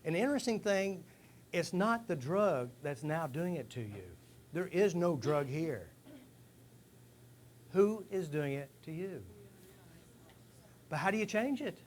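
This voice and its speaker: A man giving a lively live talk to a rehab group, asking the room questions and acting out stories. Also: a little high, unhurried, pauses often, a little hiss or hum. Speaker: speaker addressing a rehab group. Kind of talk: live motivational talk to an audience.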